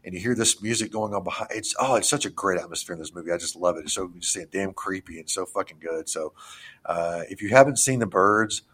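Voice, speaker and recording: A man hosting a casual podcast about films, talking in an excitable, profane, rambling way full of restarts. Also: low voice, brisk. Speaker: podcast host reviewing films. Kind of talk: casual chat.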